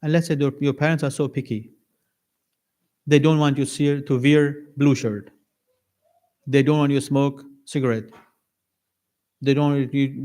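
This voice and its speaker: Man preaching an animated sermon. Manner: animated, acts out little dialogues with varied pitch. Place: mosque lecture hall.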